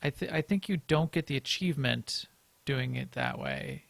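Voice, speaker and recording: A man's voice: medium pitch, huge pitch swings, normal speed, vocal fry, a bit bright, no echo. A man co-hosting a casual gaming podcast, rambling and restarting as he thinks aloud. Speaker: podcast co-host.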